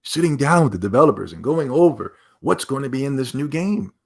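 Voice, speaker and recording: A man's voice: medium pitch, animated, a little fast, vocal fry, breathy edge. Male streamer, mid-range voice, rambling sarcastic reaction commentary. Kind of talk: casual commentary.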